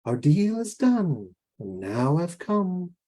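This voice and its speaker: A man's voice: fairly high pitch, expressive, extremely slow, darkish tone, pitched above the performer's own voice. A man doing a sly sing-song giant bird. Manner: sing-song lilting delivery.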